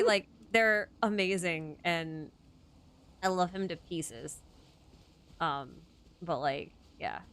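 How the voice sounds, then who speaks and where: A woman's voice: on the low side, slow pace, long pauses, a bit bright, slight background noise. A young adult woman hosting a casual chat, rambling and interrupting herself, often laughing mid-sentence. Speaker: host.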